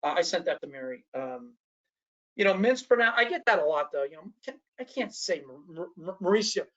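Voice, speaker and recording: A man's voice: sits high, expressive, brisk, fairly bright tone, highs cut off. A man presenting a training workshop in a lecture style. He talks animatedly, often restarts his sentences and acts out the voices of the people he quotes.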